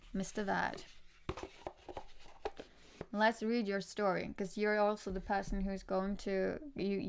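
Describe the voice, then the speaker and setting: Young female livestream card reader, casual and easily sidetracked, gravelly fry in the voice. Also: medium pitch, a little hiss or hum. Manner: chatty and easily distracted, laughs often. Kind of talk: casual livestream chat with viewers.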